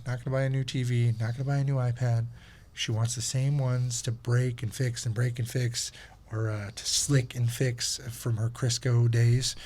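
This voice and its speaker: A man hosting a podcast, telling stories casually and lively, swearing and acting out the people in them. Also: mid-range voice. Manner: animated, swearing, acts out voices in his stories. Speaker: podcast host. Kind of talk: casual storytelling chat.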